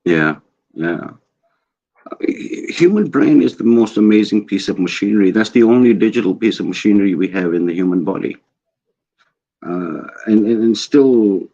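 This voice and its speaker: A man's voice: lowish voice, warm tone, dull audio. A Scottish man in casual chat, easygoing and drifting into anecdotes. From Scotland. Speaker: panel participant.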